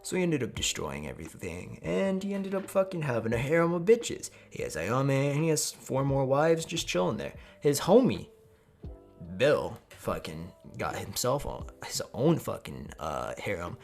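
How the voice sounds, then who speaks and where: Male narrator, low gravelly voice, lively, rambling comic storyteller. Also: normal speed, soft background music. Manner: profane, joking, rambling. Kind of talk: casual improvised fan story.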